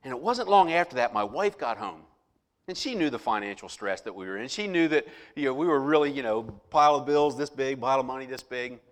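A middle-aged man preaching a sermon, telling a personal story with animated, rising emphasis. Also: medium pitch, brisk. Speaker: pastor.

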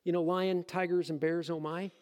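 A pastor with a high voice preaches a lively sermon at a normal speed, slipping casual jokes into his explanation of scripture. A long reverb follows his voice, as if he were in a large hall.

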